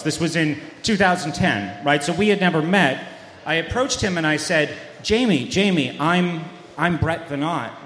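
A man telling a mock-serious comedic story in a deadpan way, with his voice sitting a little high for a man. He pauses and fills with "uh" as he goes, and the sound rings with a long echo, as if recorded live in a large hall. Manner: deadpan storytelling, many fillers and trailing pauses. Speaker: podcast host and guest. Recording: echoey hall with long reverb.

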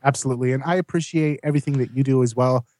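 A man appears as a podcast guest and speaks warmly in a casual, appreciative way. His voice sits in a mid range. The recording is dry and close. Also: mid-range voice, racing, no echo. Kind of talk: casual interview chat.

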